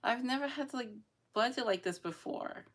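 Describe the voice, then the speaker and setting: A woman's voice: on the high side, expressive, normal speed. A young adult woman chatting casually in a rambling, emotional vlog, sometimes laughing through tears. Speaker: vlogger. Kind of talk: casual chat.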